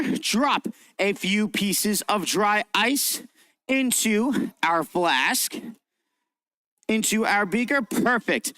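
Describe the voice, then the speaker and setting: A man's voice: very high voice, bright, forceful tone, dry recording. A man presenting an interactive science demonstration for children, upbeat and theatrical as he directs the kids. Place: library event room.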